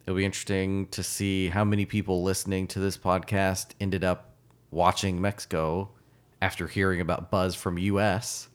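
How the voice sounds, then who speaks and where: A man's voice: low-pitched, level tone, moderate pace. A man co-hosting a podcast, chatting casually with dry, wry humor. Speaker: podcast co-host. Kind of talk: casual chat.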